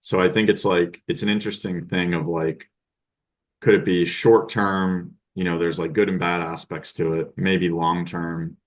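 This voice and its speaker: A man's voice: low-pitched, little pitch movement, normal speed. A man talking as a podcast guest in casual conversation, hesitant and full of filler words.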